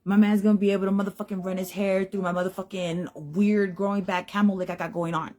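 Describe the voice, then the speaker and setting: A woman's voice: mid-range voice, level tone, fast, warm tone, soft background music. Blunt, foul-mouthed woman ranting. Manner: blunt, emphatic, heavy swearing. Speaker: podcast host. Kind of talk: profane opinion rant.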